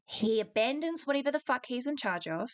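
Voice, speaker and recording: A woman in her twenties with a New Zealand accent, chatting as a podcast co-host. Her voice sits a little high, and she tells the story in an animated way, swears freely and laughs between lines. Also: a little fast. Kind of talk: casual storytelling chat.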